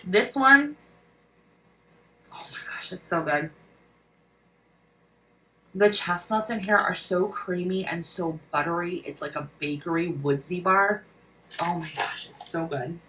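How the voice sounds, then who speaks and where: A woman's voice: fairly low pitch, a little slow, pushed and bright, recorded from a distance, slight background noise, poor audio. A woman casually reviewing her collection for a vlog, gushing with enthusiasm. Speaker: wax collection vlogger.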